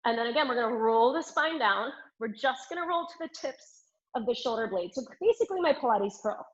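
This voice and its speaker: A high-pitched woman leads a Pilates mat class, cueing each move with upbeat encouragement and counting down the reps. She sounds a little out of breath as she demonstrates along. The audio is dull and lo-fi, like a live stream. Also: animated, brisk. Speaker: Pilates instructor.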